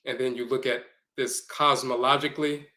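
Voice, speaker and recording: A man giving a slow, deliberate lecture, repeating and spelling out terms as he explains glyphs and dialects. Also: mid-range voice, flat delivery, sharp tone.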